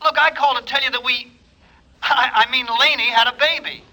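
An actor playing an earnest, friendly young grandson on the phone. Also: male voice, very high voice, fairly even intonation, fairly quick, bright, forceful tone, exaggerated voice, rough recording. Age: young adult.

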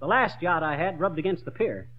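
A bumbling braggart who has just come into money, in a 1940s radio comedy. His voice is high and swoops around. He blusters and stammers through a dull old broadcast recording. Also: brisk. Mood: flustered. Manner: blustering, stammering, lively swings. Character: boastful newly rich middle-aged man, bumbling.

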